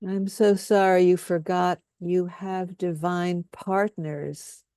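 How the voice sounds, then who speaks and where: Woman workshop leader, calm guided-healing delivery, dry close sound, lowish pitch. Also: clean tone, dry recording. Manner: slow, soothing, leads repeated statements.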